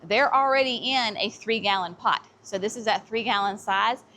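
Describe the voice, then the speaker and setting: A woman's voice: mid-range voice, moderate pace, sharp tone, slight background noise. A woman hosting a casual walk-through of plants at a garden center, chatty and enthusiastic. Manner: chatty and enthusiastic, says y'all often.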